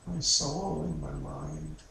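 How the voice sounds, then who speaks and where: A man's voice: mid-range voice, huge pitch swings, takes it slowly, gravelly. A man in a therapy session recounting a painful memory, speaking in a raw, emotionally charged and profane way. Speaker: therapy client. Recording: echoey room with background noise.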